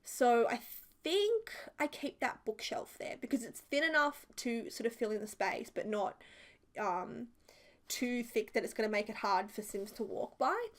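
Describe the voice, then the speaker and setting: A chatty young-sounding woman talks through a casual voiceover. Her voice sits a little high, and her speech is loose and rambling, with plenty of "like" and "um.". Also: lively intonation, a little slow. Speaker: video creator. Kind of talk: casual voiceover for a building video.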